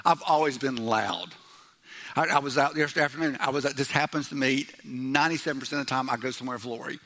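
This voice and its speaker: Loud, bright-voiced preaching man. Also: mid-range voice, fast talker. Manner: loud, animated and joking. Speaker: pastor. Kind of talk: sermon.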